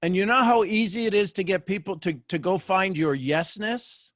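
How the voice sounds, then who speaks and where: A man with a fairly high voice gives a motivational talk over a video call. He sounds animated and jokey, restarting lines as he goes. The sound is dry and close. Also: moderate pace, no room sound. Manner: animated and joking, with frequent restarts. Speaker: host of a motivational live show. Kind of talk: motivational talk to a live online audience.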